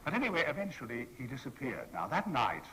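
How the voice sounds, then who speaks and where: A man's voice: medium pitch, wildly swooping pitch, quick pace, pushed and bright, a little hiss or hum, rough recording. A man in his sixties telling stories on a convention panel, playful and theatrical, acting out the people he quotes. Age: 60s. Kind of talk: anecdotal storytelling to an audience. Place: convention hall panel with an audience.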